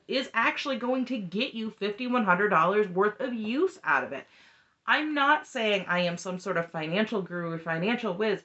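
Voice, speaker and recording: A woman's voice: mid-range voice, a bit bright, muffled recording. A woman casually recapping a reality show, chatty and opinionated, often tossing in "just saying.". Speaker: recap vlogger.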